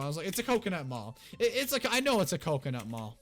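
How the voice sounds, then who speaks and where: A young man telling a rambling, excitable story to his viewers in a casual storytime vlog. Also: a little high, fast, soft background music. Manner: excitable, rambling, restarts often. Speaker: YouTuber.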